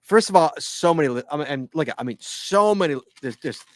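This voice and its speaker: A man's voice: fairly high pitch, animated, a little fast, fairly bright tone, no room sound, clean studio sound. A man hosting a casual podcast, telling rambling stories with enthusiasm and frequent laughter. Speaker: podcast host.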